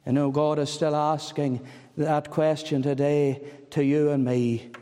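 A man's voice: fairly high pitch, flat delivery, measured pace, dark tone, smooth. Pleading preacher man in a reverberant hall. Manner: pleading, fervent, repeats phrases for emphasis. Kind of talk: evangelistic sermon.

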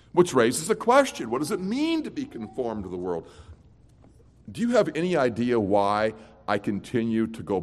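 A man delivers an evening sermon as a pastor, his pitch rising and falling in a lively way. He moves between loud, emphatic declarations and quiet, low-voiced asides. His voice rings out with the long reverb of a large hall.

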